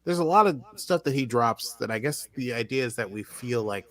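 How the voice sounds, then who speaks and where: A man's voice: mid-range voice, expressive, brisk. An American man co-hosting a podcast, chatting casually and rambling through an episode recap with lots of fillers and restarts. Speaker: podcast co-host.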